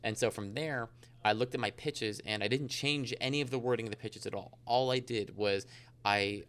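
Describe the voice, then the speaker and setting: A man's voice: on the low side, moderate pace, a bit bright, clean tone. A man talking as a guest in a casual podcast interview, rambling along with many fillers. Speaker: insurance agent guest.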